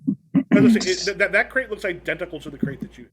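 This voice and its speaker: A man's voice: high-pitched, animated, quick pace, slight background noise. A man running a tabletop game as game master, rambling and restarting as he describes the scene. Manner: rambling, many restarts and fillers.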